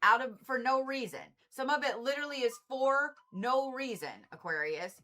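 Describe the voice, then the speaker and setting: A woman doing a casual livestream card reading, blunt and animated, swearing freely and repeating herself for emphasis. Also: high voice, moderate pace. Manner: animated, exasperated asides. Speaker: Reiki and zodiac card reader.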